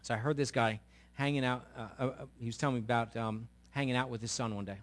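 A man's voice: medium pitch, fairly even intonation, fast. A male pastor giving a sermon in a conversational, storytelling way with emphatic asides.

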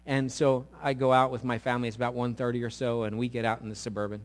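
A middle-aged man preaching a sermon as a pastor, telling a story with big loud peaks and quiet, intimate low passages. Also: flat delivery, fast talker.

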